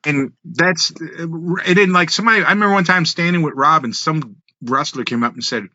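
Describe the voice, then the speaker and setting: Male podcast guest, bright forceful tone, dry slightly dull lo-fi sound, animated storyteller. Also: a little high, moderate pace, no room sound. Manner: animated, laughing, swears freely. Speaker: wrestling guest. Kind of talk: casual storytelling.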